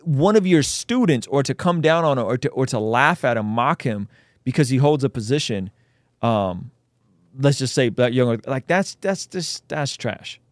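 A man's voice: medium pitch, moderate pace, dry recording. Blunt man in dry close-mic chat. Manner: blunt, animated, jokingly scolding. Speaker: co-host reacting to a clip. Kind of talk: casual reaction chat.

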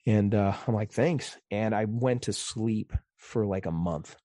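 A man recounts a long story in a low, mellow voice. He talks in a rambling, halting way and keeps restarting his sentences. The sound is close and dry. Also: no room sound. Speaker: interview guest. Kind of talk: casual storytelling in conversation.

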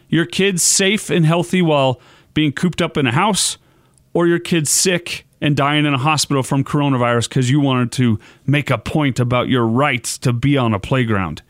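A young man hosts a sports talk podcast in a ranting, sarcastic monologue. His voice sits a little high for a man and sounds dry and close to the mic, with no room around it. He keeps an exasperated edge throughout. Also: dry recording. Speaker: podcast host.

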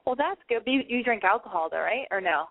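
A woman's voice: fairly high pitch, animated, quick pace, dry recording. A woman hosting a call-in show, chatting in a rambling, blunt, casual way. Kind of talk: casual call-in advice and banter. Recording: tinny phone-like line, dry.

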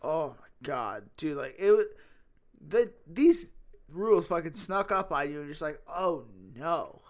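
A man's voice: fairly high pitch, animated, measured pace, darkish tone. A man co-hosting a casual podcast, swearing often and filling his talk with "like". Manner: swears a lot, fills with 'like'. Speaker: podcast co-host. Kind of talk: casual chat.

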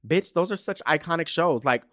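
A young man talking on his own podcast, sassy and loose-tongued. He curses freely and swings between biting rants and chatty storytelling, with a lively, animated delivery. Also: a little high, fairly quick. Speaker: podcast host. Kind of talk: casual solo podcast rant.

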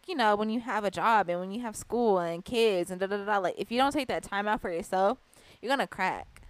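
A young woman, co-hosting a podcast and telling stories in a lively, casual way. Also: on the high side, clean tone, dry recording. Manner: animated storyteller, laughing and acting out moments. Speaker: podcast co-host. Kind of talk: casual chat.

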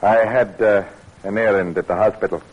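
An actor playing a determined middle-aged male doctor in a 1940s radio drama, speaking in an earnest, measured way with a husky voice. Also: on the low side, steady tone. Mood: earnest, calm. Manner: earnest, measured, flares into anger. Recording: dull lo-fi old radio recording.

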